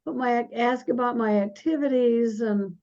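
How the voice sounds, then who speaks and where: An older woman in a relaxed conversation, her voice mellow and a little high. She speaks slowly, stopping and restarting her sentences. The sound is dull and lo-fi. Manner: halting, with frequent restarts. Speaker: guest. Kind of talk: casual conversation. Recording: dull lo-fi audio.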